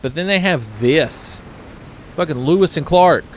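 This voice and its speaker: A man's voice: on the high side, animated, unhurried, slight background noise. A man giving casual commentary over a video game as a let's play host. He rambles along, sarcastic and full of swearing.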